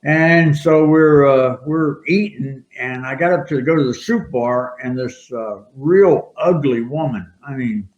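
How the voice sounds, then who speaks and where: An older man, a retired wrestler appearing as a guest, rambles through anecdotes and chuckles in a casual storytelling interview. His medium-pitched voice is a little mellow, unhurried and rarely paused. The sound is roomy, echoey and dull, captured on a muffled lo-fi mic.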